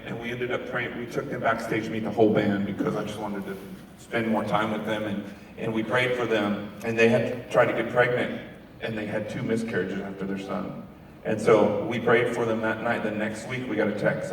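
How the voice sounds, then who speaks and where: A man's voice: medium pitch, a little hiss or hum. A touring musician and evangelist, a man, tells stories in an interview and acts out the people he quotes. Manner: animated storyteller who acts out quoted people. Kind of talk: storytelling in an interview. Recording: echoey hall from far off.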